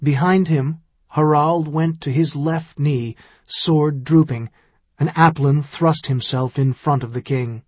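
A man narrating an audiobook in a measured, dramatic storytelling manner. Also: on the high side, steady tone, no echo, dull audio.

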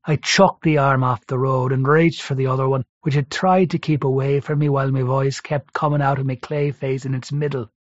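A man reading a first-person story aloud in a steady, measured way. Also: mid-range voice, no echo. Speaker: narrator. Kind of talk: first-person audiobook narration. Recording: dry, slightly dull recording.

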